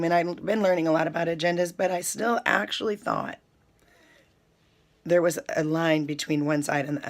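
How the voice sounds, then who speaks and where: A woman, chatting to her viewers in an animated, storytelling way while sipping coffee. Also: on the low side. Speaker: spiritual vlogger. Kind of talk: casual spiritual talk to viewers.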